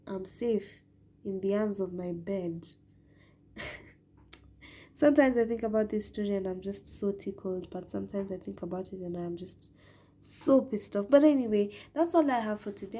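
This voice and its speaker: A young Kenyan woman in her twenties hosting a podcast, telling a story in a chatty, animated way with Swahili words mixed in. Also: mid-range voice, breathy edge. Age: 20s. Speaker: podcast host. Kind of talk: casual storytelling.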